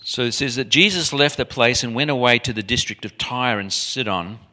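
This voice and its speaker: A man preaching a sermon in an animated, emphatic way, often restarting his sentences. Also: medium pitch, normal speed.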